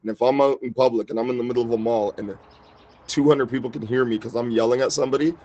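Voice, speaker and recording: Male stream co-host, mid-pitched, teasing and jokey, talks straight. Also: steady tone, quick pace, mellow, highs cut off. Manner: teasing, joking, plain-spoken. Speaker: livestream co-host. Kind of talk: casual chat.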